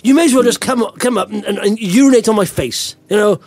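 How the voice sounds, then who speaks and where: A man hosting a podcast, talking in an animated, ranting way and laughing often. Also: high-pitched, fast, creaky, no echo. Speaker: podcast host. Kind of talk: casual chat.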